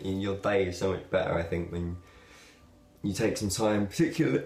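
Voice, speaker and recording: A man's voice: low-pitched, normal speed. A young man, talking casually and thoughtfully to his camera as a video blogger, rambling a little with fillers. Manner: relaxed, rambling, with fillers and laughs. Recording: echoey room.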